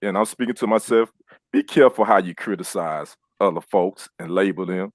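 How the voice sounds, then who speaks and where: A man's voice: low-pitched, fairly quick, no echo. A man co-hosting a casual panel show, speaking in a laid-back, reflective way and laughing easily. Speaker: co-host.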